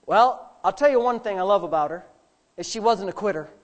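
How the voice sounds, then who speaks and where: Man preaching with big swings in intensity. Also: lively intonation. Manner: dynamic preaching, swinging from low and hushed to high and shouting; drawn-out emphatic phrases. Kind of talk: sermon.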